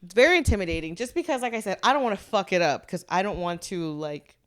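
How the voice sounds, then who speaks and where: A woman chef chatting casually, animated and laughing often, swearing freely. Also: mid-range voice, fast. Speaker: chef, guest. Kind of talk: casual tipsy chat.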